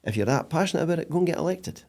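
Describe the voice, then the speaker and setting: A man voicing a blunt senior politician with a Scottish accent, retelling his advice in a quieter, matter-of-fact way. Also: a little high, lively intonation, racing, pitched above the performer's own voice.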